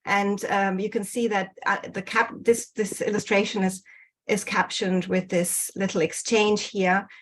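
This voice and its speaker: A woman presents slides in an online talk, heard through a video call. She speaks at a middling pitch and hesitates often, filling gaps with ums and starting phrases over. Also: level tone, unhurried, rough recording. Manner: hesitant, many fillers and restarts. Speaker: speaker presenting on dialect history.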